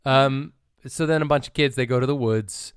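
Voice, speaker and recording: An American man chats with his co-host in a loose, joking way, filling his stories with ums and uhs. His voice sits at an ordinary pitch. The sound is dry and close, with no room around it. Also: moderate pace, clean tone, no room sound. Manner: joking, animated storyteller with many fillers. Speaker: podcast co-host. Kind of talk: casual chat.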